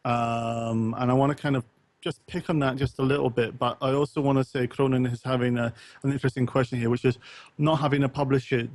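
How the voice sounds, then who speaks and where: A man's voice: mid-range voice, little pitch movement, a little fast, darkish tone, dry recording. A man hosting a podcast, reading out chat comments and asking questions in a hesitant, casual way full of restarts. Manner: hesitant, many ums and restarts, reads chat comments aloud. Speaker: podcast host.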